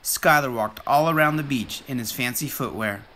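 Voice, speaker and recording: A storyteller reading a children's picture book aloud in an expressive, sing-song way. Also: mid-range voice, normal speed.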